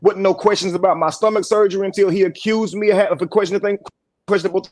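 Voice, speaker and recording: A man's voice: sits high, fairly even intonation, fast talker, a little mellow, dry recording. A man hosting a casual livestream commentary, talking bluntly and indignantly, with plenty of swearing. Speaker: livestream host.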